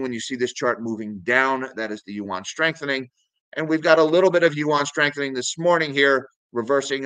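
A man's voice: medium pitch, sharp tone, dry recording, low-quality recording. A man hosting a finance video, casually talking viewers through charts and news articles and calling them guys. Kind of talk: casual market commentary.

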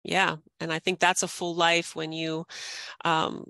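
Podcast guest, woman in her 50s, coach; bright voice, dry sound, earnest and reflective. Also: on the low side, level tone, a little slow, gravelly, dry recording. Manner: reflective, earnest, laughs often. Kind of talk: podcast interview.

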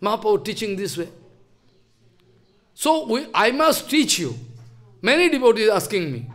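A man's voice: sits high, big pitch swings, moderate pace, pauses often, fairly bright tone. A man giving a sermon as a spiritual teacher, emphatic and scolding, firing off rhetorical questions.

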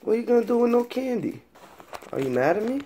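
A father at home teases his little girl in a playful, mock-apologetic way. His voice sounds soft and mellow. It has the loose feel of a home video rather than a polished performance. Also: very high voice, big pitch swings, fast. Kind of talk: home video, rapping then chatting with his small daughter.

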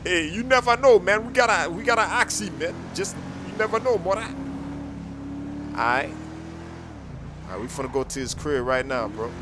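Excitable young male gamer, street slang, role-play commentary over noisy game sound. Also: high voice, normal speed, pauses often. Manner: loud excitable slang-heavy street talk. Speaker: gaming YouTuber playing a character.

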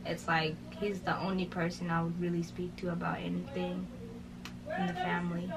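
A woman's voice: fairly low pitch, monotone, normal speed, gravelly, a crowd in the background, poor audio. A young woman talking casually in an interview, telling a personal story and quoting others, with many fillers. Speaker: vlogger telling her story.

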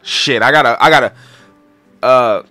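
A man's voice: medium pitch, moderate pace, bright, forceful tone, no room sound, soft background music. A young man giving casual, joking gameplay commentary, profane and improvising lines. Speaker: gaming streamer.

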